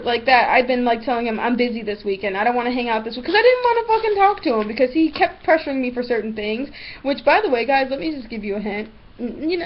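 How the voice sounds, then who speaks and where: Teen girl vlogging, high voice jumping all over, cussing, muffled lo-fi webcam sound. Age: teens. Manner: blunt, swears a lot, animated. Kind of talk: ranting storytime vlog. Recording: dull lo-fi webcam audio.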